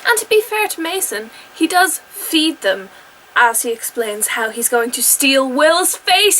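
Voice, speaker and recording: A young woman with a higher-pitched voice talks through a TV episode review in a casual, chatty vlog. She is animated and exclaims often, jumping between excited outbursts and quick asides. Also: rough recording.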